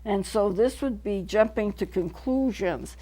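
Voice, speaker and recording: A middle-aged woman counselor talks from a local TV studio. She explains each idea earnestly, going back over it so the point lands. Her voice sits at an ordinary middle pitch. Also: measured pace, warm tone. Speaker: counselor hosting a local TV show. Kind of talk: teaching talk to camera.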